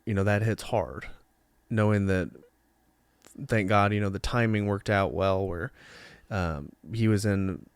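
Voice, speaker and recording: A young adult man co-hosting a podcast, talking casually in halting phrases with many "you know"s. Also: on the low side, clear, resonant tone, no echo. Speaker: podcast co-host. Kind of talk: casual chat.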